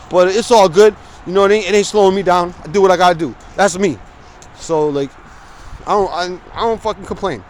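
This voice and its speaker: A man in his forties vlogging while he walks outside in the cold, talking bluntly with lots of swearing. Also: high-pitched. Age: 40s. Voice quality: frequent swearing, blunt and emphatic. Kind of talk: casual walking vlog rant. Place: outdoors on a city street, walking in the cold. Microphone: phone camera held while walking.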